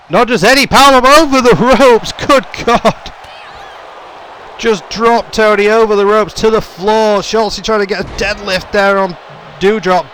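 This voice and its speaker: Excitable man doing game play-by-play. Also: on the high side, a little hiss or hum. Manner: running commentary, rising to excited shouts on big moves. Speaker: gaming YouTuber.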